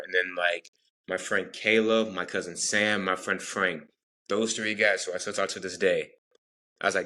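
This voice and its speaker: A man's voice: sits low, steady tone, moderate pace, bright, forceful tone. A young man from Texas, an interview guest telling his story earnestly and rambling, acting out what others said. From Texas, United States. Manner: earnest, rambling, acts out quoted dialogue.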